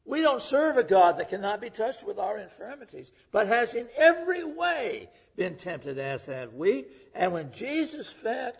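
A middle-aged male preacher delivering a sermon, rising to loud emphasis and dropping to hushed, whispered lines. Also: high voice, very animated, a little slow, gravelly, hardly any pauses, breathy edge. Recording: dull lo-fi recording.

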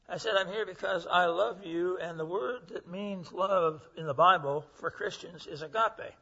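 A man's voice: high voice, moderate pace, bright, forceful tone. A man, preaching a folksy, earnest sermon full of stories. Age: 80s. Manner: folksy, earnest, acts out quoted voices. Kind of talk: sermon with storytelling. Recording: muffled lo-fi recording.

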